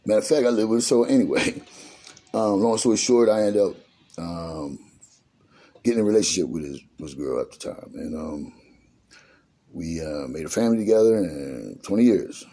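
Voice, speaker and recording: A man's voice: deep voice, normal speed, mellow. A middle-aged man telling his own life story in casual street slang, acting out the dialogue as he goes.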